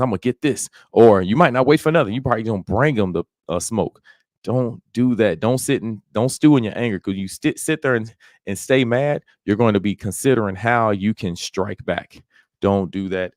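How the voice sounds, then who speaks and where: Guy in his 40s breaking down scripture, super conversational, kinda low voice, dry close sound. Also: no room sound. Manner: conversational, colloquial, checks in with listeners often. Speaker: Bible teacher. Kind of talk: informal verse-by-verse Bible teaching.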